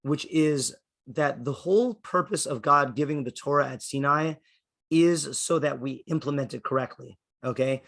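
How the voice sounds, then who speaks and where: A man's voice: medium pitch, moderate pace, vocal fry, a bit bright. A man, a rabbi, explaining a text to his class, often checking in with "okay?" and thinking aloud. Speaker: rabbi teaching a Torah class.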